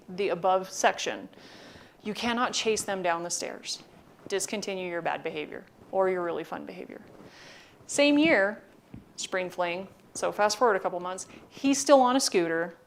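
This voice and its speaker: A woman giving a lecture, telling funny anecdotes with wry, deadpan asides. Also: mid-range voice. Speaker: university lecturer. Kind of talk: storytelling lecture.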